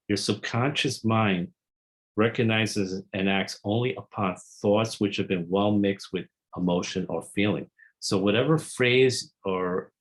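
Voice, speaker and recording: A man's voice: lowish voice, poor audio. A man giving an earnest, explanatory summary of a self-help book, reading quotes aloud and then explaining them.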